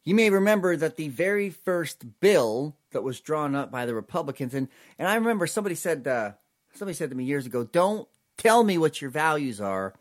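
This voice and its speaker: A man's voice: fairly high pitch, animated, fast talker. A man hosting an opinionated political commentary show, talking in an emphatic, sarcastic way.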